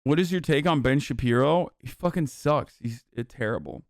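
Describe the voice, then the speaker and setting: A man's voice: mid-range voice, normal speed, no echo, studio quality. A man doing livestream political commentary, heated and profane, rambling through restarts as he reacts to chat. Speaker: political streamer.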